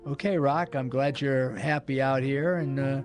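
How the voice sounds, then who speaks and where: Older guy rambling on a radio show, stops and starts a lot, mid-pitch voice, jokey. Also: steady tone, normal speed, a little mellow. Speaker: show host. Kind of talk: casual radio chat.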